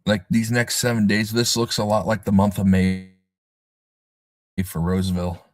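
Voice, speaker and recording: A man talks loosely through his livestream, drifting between sarcastic remarks and self-mocking asides. His voice sits low and the sound is dry and close, with no room around it. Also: level tone, moderate pace, no room sound. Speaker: livestream host. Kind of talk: casual livestream chat.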